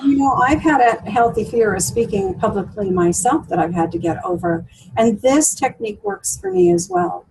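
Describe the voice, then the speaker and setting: A woman's voice: a little high, animated, moderate pace, vocal fry, a little mellow, poor audio. A woman coach for women, talking through client stories in an interview with many fillers and restarts. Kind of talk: interview conversation.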